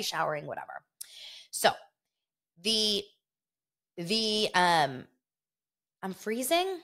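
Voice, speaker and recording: Woman, podcast host; loose gossipy chat, slightly low pitch, rambling delivery. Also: fairly bright tone. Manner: chatty, rambling, talks to listeners directly.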